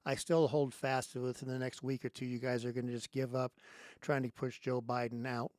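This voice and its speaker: A man's voice: mid-range voice, little pitch movement, brisk, darkish tone, no echo. A man hosting his own show, giving an angry, sarcastic political monologue straight into a close microphone. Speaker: host.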